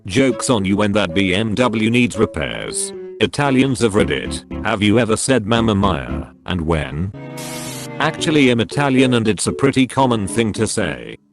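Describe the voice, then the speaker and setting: A man's voice: fairly low pitch, very animated, normal speed. Synthetic male voice reading forum posts. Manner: evenly paced, synthetic reading of short posts one after another. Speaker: text-to-speech narrator. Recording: clear music bed behind the voice. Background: background music.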